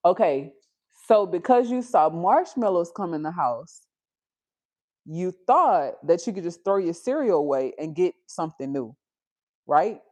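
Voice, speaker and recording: Chatty young mom on a livestream. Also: female voice, on the low side, expressive, a little slow, darkish tone. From Houston, Texas. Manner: chatty, breaks off to coax and scold her toddler. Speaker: livestream host. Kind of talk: casual livestream chat. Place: busy family home with children.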